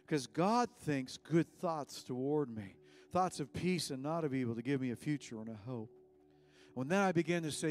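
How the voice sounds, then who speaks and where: A man preaching a sermon as pastor, moving between hushed and raised passages. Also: fairly high pitch, normal speed. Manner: impassioned, swings from hushed to raised. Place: church service.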